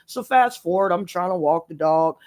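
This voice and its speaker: A woman's voice: fairly low pitch, normal speed, a little mellow. A woman telling a story to her live-stream audience in casual chat, emphatic and profane as she rants. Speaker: tarot reader live-streaming.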